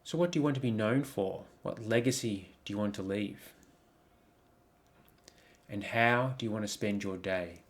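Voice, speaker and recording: Over slides, a male life coach with a fairly low voice delivers a reflective presentation. He keeps posing questions to the listener, with frequent ums and restarts as he pauses.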